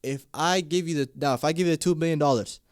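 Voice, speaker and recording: A man's voice: on the high side, quick pace, clear, resonant tone, no echo, studio quality. A man in a casual discussion, telling an anecdote animatedly with rhetorical questions.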